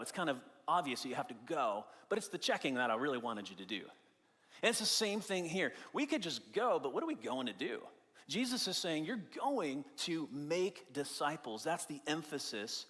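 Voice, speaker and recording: A man's voice: on the high side, fairly bright tone, big-room sound. A male pastor preaching a sermon in a conversational, explaining way, stressing key phrases by repeating them. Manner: conversational, explaining with everyday examples. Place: church sanctuary.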